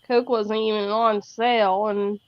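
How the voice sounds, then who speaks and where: A woman's voice: medium pitch, flat delivery, unhurried, muffled recording, noisy background. A woman in casual chat, gossipy, telling anecdotes with giggles.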